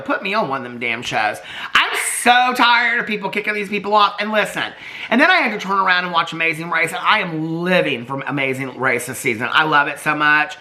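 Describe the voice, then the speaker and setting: Sassy, animated man in his fifties. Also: high-pitched. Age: 50s. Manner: animated and sassy, swears freely, acts out quoted people. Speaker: TV reaction vlogger. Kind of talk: casual reality TV commentary.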